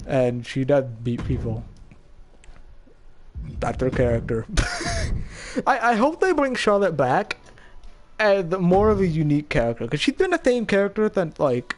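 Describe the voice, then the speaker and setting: A young man chatting excitedly as he comments on his own gameplay, laughing often. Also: on the high side, measured pace, a little hiss or hum. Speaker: gaming YouTuber.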